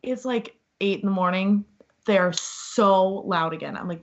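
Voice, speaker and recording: A young woman telling a story in casual chat, animated and acting out quoted voices, with "like" all through it. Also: mid-range voice, moderate pace. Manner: animated, acts out quoted voices, says "like" a lot. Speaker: podcast guest. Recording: dull lo-fi podcast audio.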